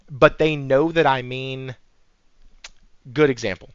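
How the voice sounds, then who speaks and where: Animated, profane male podcast host. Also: fairly high pitch, a little slow, clean tone, dry recording. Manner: animated, profane, laughing, sarcastic. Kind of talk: casual gaming news chat. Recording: dry, slightly dull audio.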